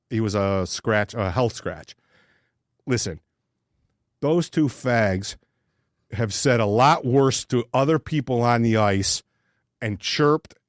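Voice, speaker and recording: A man's voice: medium pitch, dry recording, clean studio sound. A man co-hosting a sports podcast, ranting in casual chat and swearing freely. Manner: profane, ranting. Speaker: podcast co-host.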